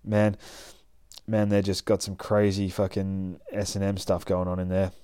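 Deep-voiced man cursing through a comic recap. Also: monotone, measured pace, dark tone, clean tone, no room sound, clean studio sound. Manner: profane, rambling, laid-back. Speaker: comic reader. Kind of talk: casual comic book recap.

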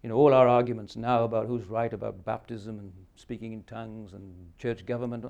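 A man's voice: fairly low pitch, flat delivery, fairly quick, gravelly, darkish tone, highs cut off. A man in his sixties preaching a sermon, earnest and emphatic, often ending points with rhetorical questions. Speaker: pastor.

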